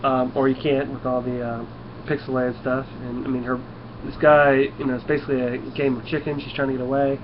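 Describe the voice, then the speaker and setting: A man's voice: medium pitch, flat delivery, fairly quick, highs cut off, noisy background. A man casually reviewing a comic book, talking in a loose, rambling way and sometimes tripping over words.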